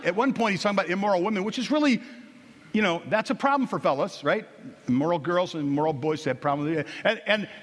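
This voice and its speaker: Folksy pastor in an echoing church. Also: male voice, on the high side. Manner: casual, folksy storytelling with frequent restarts. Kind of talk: sermon. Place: church sanctuary.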